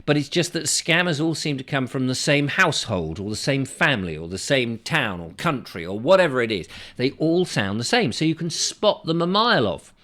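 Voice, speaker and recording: A man's voice: mid-range voice, very animated, normal speed, few pauses, a bit bright. A man hosting his own vlog, telling a story in a rambling, chatty monologue full of wry asides. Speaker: vlogger, show host. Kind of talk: casual to-camera monologue.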